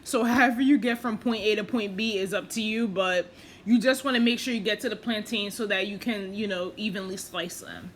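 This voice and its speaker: A cooking vlogger with a medium-pitched voice talks briskly over her video, chatty and self-deprecating, using lots of fillers as she explains each step. Slight background noise is present.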